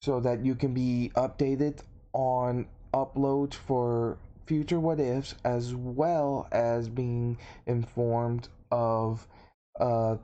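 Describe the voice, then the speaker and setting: A man hosting his own channel, reading an unhurried outro with pauses and fillers. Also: medium pitch, mellow, highs cut off. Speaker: channel host. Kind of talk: video outro narration.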